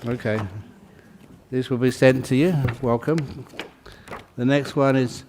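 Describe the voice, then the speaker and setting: A Buddhist monk leading a ceremony, calling out names in a casual, joking way and laughing between them. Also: male voice, mid-range voice, steady tone, a little slow, a little mellow, a little hiss or hum. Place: large hall.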